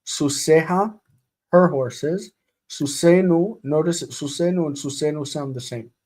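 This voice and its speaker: A man teaching a live-streamed grammar lesson, speaking deliberately and repeating words for students to drill. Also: a little high, darkish tone. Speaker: Hebrew teacher.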